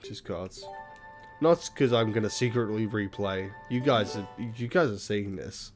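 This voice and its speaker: Man, let's play host, low voice, rambles and swears, game music underneath. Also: unhurried. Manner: swearing, self-deprecating, rambling. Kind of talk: rambling gameplay commentary. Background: video game music.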